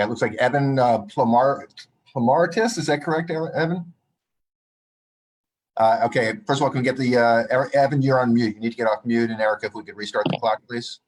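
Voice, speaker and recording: A man chairing an online public hearing over a video call, polite and hesitant with many fillers. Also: medium pitch.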